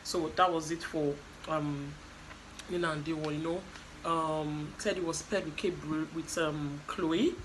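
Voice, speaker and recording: A woman's voice: low voice, steady tone, unhurried, background noise. Chatty woman recapping. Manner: chatty, with frequent fillers and mock quotes. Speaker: reality show recap host. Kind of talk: casual recap chat.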